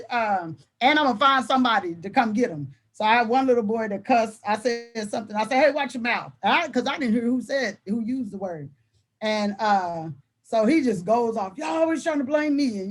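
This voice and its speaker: A woman's voice: fairly high pitch, a little fast. A woman educator chatting as a guest, telling classroom stories in a colloquial way and laughing often. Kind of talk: casual conversation, storytelling.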